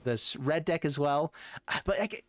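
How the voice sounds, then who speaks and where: A man hosting a gaming video, talking casually in a rambling, animated way with lots of restarts and fillers. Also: fairly high pitch, a little slow, dry recording. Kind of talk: casual gameplay commentary.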